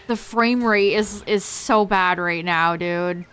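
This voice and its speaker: A young woman streamer drawls through a relaxed live gaming chat, talking to her viewers in a slow, easygoing way. Her voice sounds a bit worn and hoarse. Her pitch sits in a plain middle range. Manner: laid-back, chatty, talks to chat. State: voice going hoarse.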